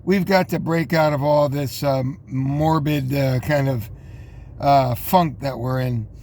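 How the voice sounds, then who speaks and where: A man's voice: mid-range voice, fairly even intonation, slow pace, darkish tone, slight background noise. A man in his fifties hosting a casual commentary, rambling with many fillers and restarts. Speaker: host.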